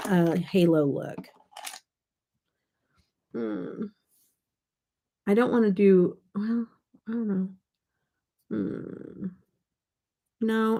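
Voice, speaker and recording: Older woman, makeup vlogger, gravelly, lowish voice, rambling casual chat, storytelling. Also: dark tone. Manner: chatty, storytelling, reads live chat aloud.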